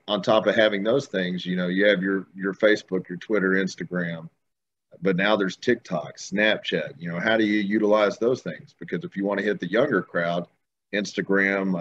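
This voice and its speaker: A man co-hosting a podcast, talking in a steady, reflective way, recorded with dull lo-fi sound and faint noise behind him. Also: low voice, normal speed. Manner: steady and reflective, talks things through. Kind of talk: casual podcast chat.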